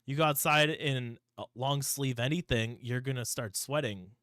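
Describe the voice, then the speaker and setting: A man's voice: medium pitch, normal speed, a bit bright, no room sound. Young northern guy ribbing his cohost, swears constantly, dry close-up mic. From northern United States. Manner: teasing, profane and mocking. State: lingering cough. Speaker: podcast co-host. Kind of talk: casual podcast chat.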